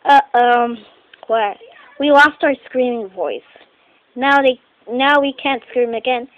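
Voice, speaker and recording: A woman voicing teenage doll characters in a homemade skit, talking in a halting, rambling way and often clearing her throat. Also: on the high side, lo-fi sound.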